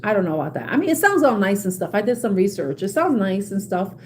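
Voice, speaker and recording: A woman's voice: medium pitch, big pitch swings, fast talker, a little mellow, slight background noise. A woman giving a casual tarot reading to her viewers, chatty and laughing often, with many "you know"s. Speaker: tarot reader.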